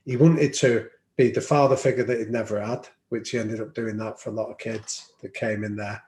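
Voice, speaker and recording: A man's voice: fairly low pitch, steady tone, fairly quick, a little mellow. A man telling stories as a podcast guest, reflective and anecdotal, with frequent ums. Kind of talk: storytelling in an interview. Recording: roomy echo.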